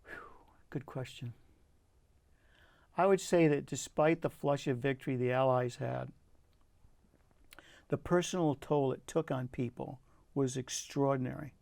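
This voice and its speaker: Reflective older man, gravelly and dry. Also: mid-range voice, unhurried, pauses often, no echo. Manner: earnest, reflective, with frequent restarts and soft asides. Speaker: poet guest. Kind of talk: personal storytelling in an interview. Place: community TV studio.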